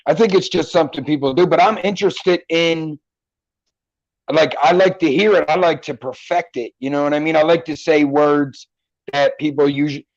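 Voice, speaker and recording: Hosting a jokey, profane chat show from home, this Philadelphia-accented podcast host keeps slipping into mock accents. His slightly high voice is steady at normal speed, and the computer-mic recording is dry and dull.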